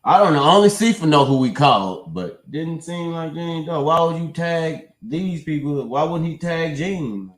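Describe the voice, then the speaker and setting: A man's voice: a little high, normal speed, few pauses. Skeptical man on a roomy livestream. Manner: animated, skeptical, swears freely. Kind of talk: casual livestream chat. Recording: roomy, echoey recording.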